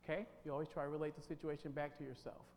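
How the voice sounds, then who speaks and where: A man's voice: a little high, rapid-fire. Emphatic man leading a workshop in a hall. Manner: animated, emphatic, quizzes the audience. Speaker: workshop leader. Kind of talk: interactive workshop talk. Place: church hall. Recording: long hall reverb, faint hum.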